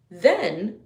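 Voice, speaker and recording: A young woman telling a story in a heated, profane rant that swings between loud outbursts and low muttering. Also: creaky, echoey room.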